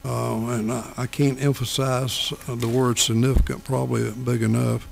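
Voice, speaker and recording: A man presenting finance committee items at a county council meeting, talking haltingly with many fillers. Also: mid-range voice, flat delivery, gravelly, slight background noise, low-quality recording.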